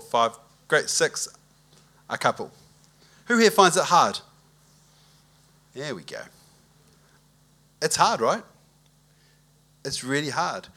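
A pastor with a mid-range voice delivers a conversational sermon, telling a relaxed story and asking those in the congregation to put their hands up.

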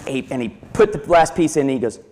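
A man's voice: medium pitch, animated, fast talker, a little mellow. A male pastor preaching a sermon, telling a family story in a conversational way and repeating himself as he goes.

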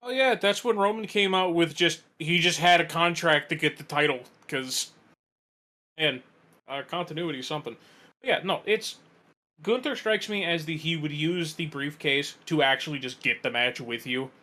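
Bright-voiced chatty man co-hosting. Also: a little high, normal speed. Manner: chatty, lots of likes and you knows. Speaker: podcast co-host. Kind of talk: casual chat.

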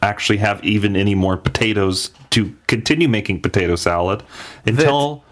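A man narrating as game master of a tabletop game, halting and hesitant. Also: on the low side.

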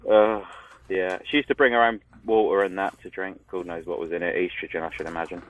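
A man with a London accent, a podcast co-host chatting casually and telling animated stories, acting out what people said. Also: deep voice, fairly quick, heavy background noise. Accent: London English. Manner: animated storytelling, acts out quotes. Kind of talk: casual chat. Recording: tinny phone-like line, dry.

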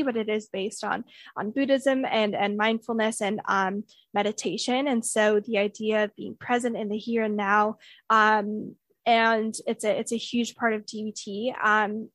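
A woman's voice: fairly high pitch, dry recording. Earnest woman explaining, dry close sound. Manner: earnest, explanatory, frequent fillers. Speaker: guest sharing therapy experience. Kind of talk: casual conversational explanation.

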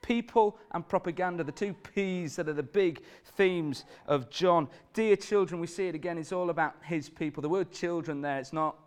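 A male preacher delivers a sermon with earnest emphasis. His voice sits a little higher than most men's, and he drives points home by repeating questions to the congregation. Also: moderate pace, few pauses, clear, resonant tone.

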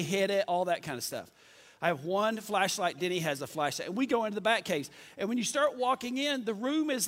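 A man preaching a sermon, telling a story in a lively, self-mocking way. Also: high voice, in a large hall.

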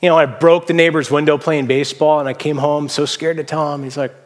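A man from the Seattle area, a pastor giving a casual, story-filled sermon with relaxed fillers. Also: a little high, brisk, hardly any pauses, long reverb tail. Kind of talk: conversational sermon.

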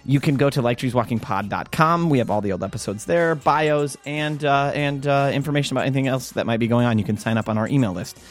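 A man's voice: medium pitch, quick pace, few pauses. A man co-hosting a podcast in casual chat, jokey and rambling with fillers. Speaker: podcast co-host.

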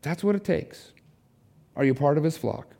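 A man preaching to his congregation, his voice sitting a little above the usual male range. He is earnest and pleading, and his pitch swings wide as he urges his listeners on. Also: normal speed, gravelly, warm tone. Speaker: pastor. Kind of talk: sermon. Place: church sanctuary.

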